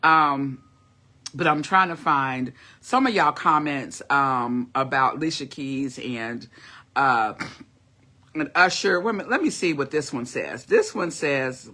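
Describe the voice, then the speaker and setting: A woman's voice: very deep voice, unhurried, pushed and bright. A middle-aged woman, rambling casually to her viewers in a livestream chat. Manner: rambling, chatty, addresses viewers as y'all. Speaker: vlogger.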